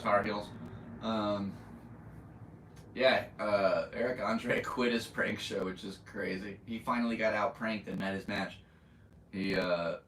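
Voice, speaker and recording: Guy rambling on his own podcast, lowish voice, bit far from the mic, faint hiss. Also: fairly bright tone. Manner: rambling, chatty, with laughs and fillers. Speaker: podcast host. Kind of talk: casual solo podcast chat. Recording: echoey room, mic at a distance, faint noise.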